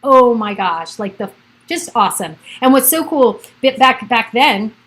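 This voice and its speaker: A middle-aged woman with a voice pitched a little high chats casually on a livestream from her home computer. She rambles from one thought to the next and laughs often. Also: lively intonation, measured pace, a bit bright, rough recording. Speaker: realtor hosting a livestream.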